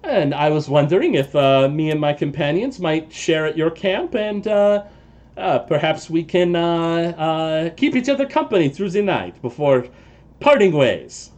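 A man's voice: fairly high pitch, very animated, a little slow, a little mellow, highs cut off, voice pushed up. A man voicing a polite, hesitant stout male halfling traveler. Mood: courteous. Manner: hesitant, courteous.

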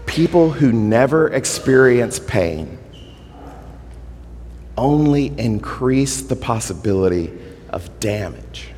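A man preaching a sermon in a mid-range voice, earnest and measured. He pushes his key points harder, then sinks low and slow. His voice rings with the long reverb of a church hall. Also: animated, slight background noise. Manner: earnest, builds to emphatic then drops to quiet, drawn-out words. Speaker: pastor.

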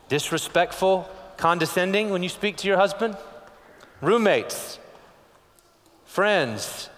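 A pastor from West Texas preaching a sermon in a conversational way, firing off rhetorical questions and checking in with "okay?". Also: male voice, sits high, lively intonation, slow, pauses often, a bit bright, big-room sound.

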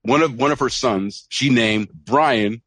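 A man's voice: medium pitch, a little slow, slightly rough, no room sound. A man co-hosting a podcast, chatting casually and telling a story with lots of acted-out quotes. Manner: animated storytelling, acts out quoted voices. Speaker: podcast co-host. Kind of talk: casual chat.

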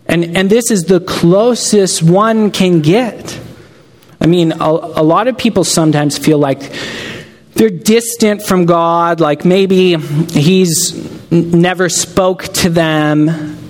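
A man's voice: sits high, slow pace, long reverb tail. A man preaching a sermon, earnest and emphatic, making direct appeals to his listeners.

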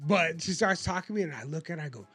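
A man's voice: a little high, animated, rapid-fire, sharp tone, husky, no room sound, faint music behind. A man in casual chat, telling a profane story and acting out the voices of the people in it.

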